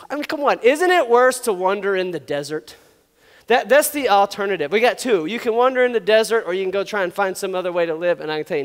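A man preaching a sermon as a pastor, animated and joking, acting out quotes as he goes. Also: high voice, in a large hall.

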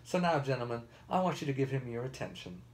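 A man's voice: mid-range voice, very animated, fast talker, a little mellow, a little hiss or hum, voice pushed up, lightly acted. A man voicing a smug, pompous male master of ceremonies, announcing to a crowd like a showman.

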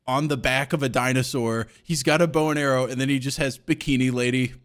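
A man's voice: medium pitch, brisk. A man co-hosting a podcast, telling stories in casual, profane chat and laughing often. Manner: profane, laughing, animated storytelling. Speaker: podcast co-host.

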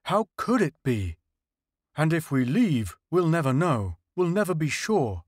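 Steady general read by a man; measured, uneasy. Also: a little high, breathy edge, no echo, studio quality, full character voice. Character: steady male general, troubled.

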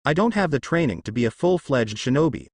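A man playing a tall, deep-voiced fighter who answers in a curt, unbothered way, with a lively pitch. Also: a little fast, dry recording, clean studio sound. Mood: bored, blunt.

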